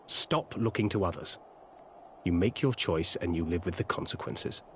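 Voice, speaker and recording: A man's voice: low voice, moderate pace, a little hiss or hum, close to an everyday voice. An actor playing a stern, weary man hardened by loss in a video game cutscene, speaking in grave, clipped lines.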